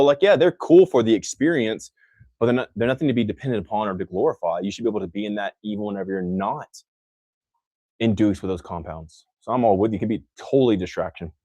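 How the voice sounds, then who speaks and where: A man's voice: fairly low pitch, warm tone, dry recording. A young man from Texas with his own mixed, un-Texan accent, hosting a casual live Q&A and rambling loosely through viewer questions. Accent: own mixed accent, not Texan. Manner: loose, rambling, many fillers and restarts. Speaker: livestream host answering viewer questions.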